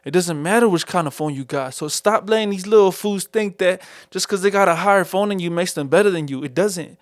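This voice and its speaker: A man's voice: high-pitched, fairly quick, dry recording, studio quality. A young man with a Chicano English accent hosting a casual solo podcast, rambling in slang and calling everyone "fool.". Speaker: podcast host. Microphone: studio mic.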